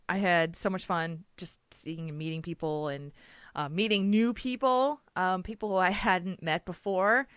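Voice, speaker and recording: A woman's voice: lowish voice, fairly bright tone, clean tone, no room sound, clean studio sound. A woman hosting a podcast from home over a video call, chatty and laughing often. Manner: giggly, chatty. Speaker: podcast host. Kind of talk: casual podcast chat.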